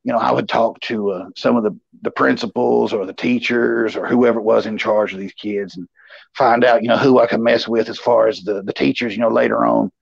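Gravelly man telling stories. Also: mid-range voice, fairly quick, no echo. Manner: rambling and animated, with lots of "you know". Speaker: co-host. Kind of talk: casual storytelling chat. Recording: slightly dull, lo-fi sound.

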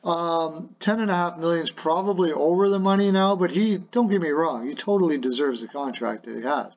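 A man's voice: fairly high pitch, a little fast, highs cut off. A man hosting a casual hockey rumour show from his apartment, playful and jokey, rambling with lots of fillers. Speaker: hockey podcast host. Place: home apartment.

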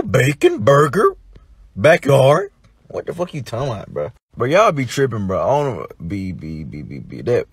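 A young man, talking in casual comedic commentary, animated, slangy and quick to laugh and swear. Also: a little high. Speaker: content creator.

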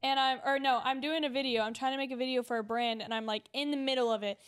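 A woman's voice: sits high, fairly even intonation, fast talker, clear, resonant tone. A woman co-hosting a casual podcast, telling a story animatedly and acting out what others said, shifting in her seat because of a sore back. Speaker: podcast co-host. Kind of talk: casual chat.

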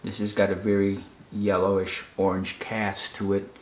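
A man's voice: deep voice, completely flat delivery, moderate pace, a little hiss or hum. A man from the United States explaining a fashion photo casually, often repeating words and checking in with "okay?". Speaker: photography critic. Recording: roomy echo.

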